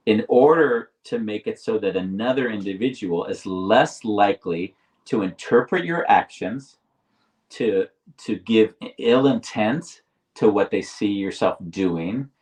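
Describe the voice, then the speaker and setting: A man co-hosting a live talk show, explaining ideas deliberately and often restarting his phrases. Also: fairly low pitch, recorded from a distance, rough recording. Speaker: podcast co-host. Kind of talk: reflective conversational explaining.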